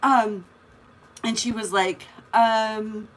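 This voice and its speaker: A woman's voice: on the high side, fairly even intonation, extremely slow. A woman hosting a casual live craft stream, chatting and greeting viewers by name as she works. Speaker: craft livestream host.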